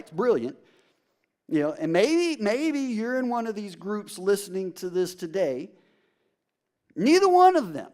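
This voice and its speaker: A man's voice: sits high, darkish tone. A man preaching a sermon as a pastor, emphatic and conversational, addressing the congregation directly.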